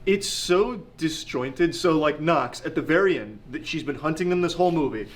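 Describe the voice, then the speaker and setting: A man's voice: a little high, animated, normal speed. A man in a casual chat, recapping things sarcastically and laughing as he goes.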